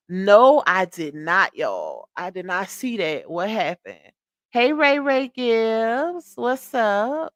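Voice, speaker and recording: This woman's voice is lowish and a bit bright, recorded in clean studio quality with no echo. Hosting a casual gossip livestream, she reads viewer comments aloud and answers them, chatty and emphatic, repeating herself and calling her audience "y'all" and "child."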